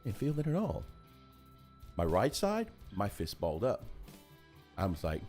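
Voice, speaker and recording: A man's voice: unhurried, long pauses, faint music behind. A man hosting a casual livestream chat, rambling and chatty, talking over a video call. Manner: rambling and chatty, animated swings in pitch. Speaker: host of a hobby livestream.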